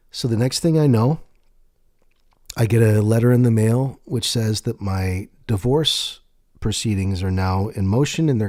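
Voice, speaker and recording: A man telling his own life story in a candid, profane way, slowing down on emphatic words. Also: on the low side, dark tone, no room sound, clean studio sound. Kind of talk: personal storytelling monologue.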